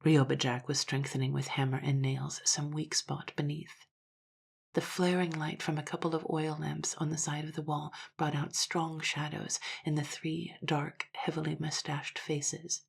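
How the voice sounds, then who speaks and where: Woman reading an old story aloud, deep gravelly voice, measured. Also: little pitch movement. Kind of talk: scripted narration of a classic story.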